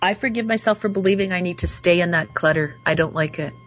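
A woman hosting a call-in radio show, slowly and soothingly guiding listeners through affirmations. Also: lowish voice, low-quality recording. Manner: slow, soothing, guides affirmations. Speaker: radio show host and coach.

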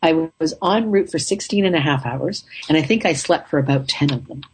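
A woman casually telling a travel story in an upbeat, chatty way, her throat a little rough. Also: sits low, brisk.

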